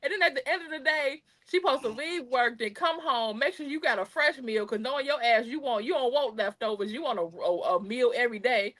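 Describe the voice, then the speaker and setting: Blunt animated woman cohost, higher voice, casual chat, swears a lot. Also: brisk, hardly any pauses. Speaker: podcast co-host.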